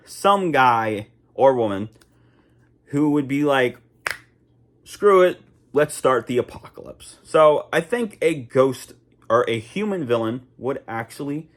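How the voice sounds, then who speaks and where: A young man talking casually to camera, chatty and rambling with fillers and restarts. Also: mid-range voice. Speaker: vlogger.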